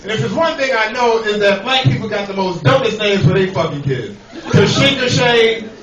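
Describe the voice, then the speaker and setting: Loud New York comedian, high voice. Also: male voice, expressive, brisk, background noise. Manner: loud, profane, riffing with the crowd. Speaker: stand-up comedian. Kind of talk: stand-up comedy set. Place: comedy club with a laughing audience. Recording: echoey club from far off with crowd.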